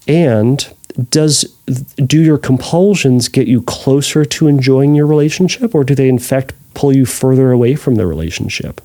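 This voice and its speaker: A man's voice: medium pitch, vocal fry, dark tone. A man who is a therapist hosts a podcast, answering a listener's question in a thoughtful way with frequent restarts.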